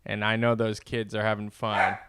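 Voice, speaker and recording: A man co-hosting a podcast in a casual chat, putting in laid-back, deadpan asides. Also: on the low side, moderate pace, a little hiss or hum. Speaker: podcast co-host.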